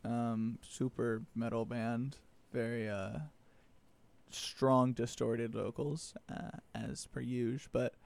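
A young man co-hosting a casual chat, easygoing and hesitant, filling his pauses with ums. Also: mid-range voice, level tone, creaky, darkish tone. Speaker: co-host.

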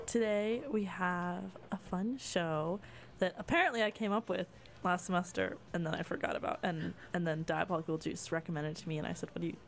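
A woman's voice: on the low side, a little fast, slight background noise. A young woman co-hosting a college radio show, chatty and enthusiastic, laughing easily. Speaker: radio co-host. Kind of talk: casual radio chat.

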